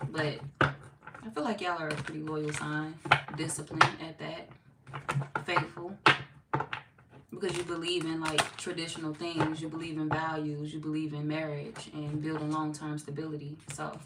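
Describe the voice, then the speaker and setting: A relaxed, chatty woman with a fairly low voice, talking loosely like she's hanging out with viewers. The sound is roomy and echoey, and she is set back from the mic with steady noise underneath. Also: a little slow. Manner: laid-back, chatty, reads out viewer comments. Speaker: tarot reader. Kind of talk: casual live-stream chat. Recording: echoey room, mic far off, noisy.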